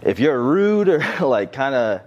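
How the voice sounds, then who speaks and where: A man's voice: medium pitch, very animated, measured pace, highs cut off. A man chatting casually as a podcast host. He rambles and swears, leaning on "like" and "you know what I mean.". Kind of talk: casual chat.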